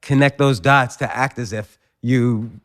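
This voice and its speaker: Male interview host, smooth clear voice, thoughtful and halting. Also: medium pitch, steady tone. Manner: thoughtful, halting, restarts while reasoning aloud. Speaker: podcast host. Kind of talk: casual interview chat.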